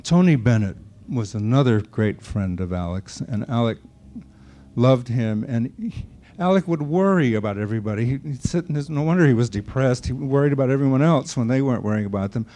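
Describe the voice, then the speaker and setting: A man's voice: medium pitch, lively intonation, a little fast, mellow. An older man being interviewed, telling anecdotes about an old friend and acting out the remarks he quotes. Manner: anecdotal storyteller who acts out quoted remarks. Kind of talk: reminiscing conversation.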